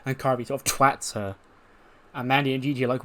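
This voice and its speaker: A man's voice: mid-range voice, fairly even intonation, fairly quick, fairly bright tone. Offhand man recapping a game. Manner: rambling, offhand, swears casually. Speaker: let's-play narrator. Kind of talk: casual game playthrough recap.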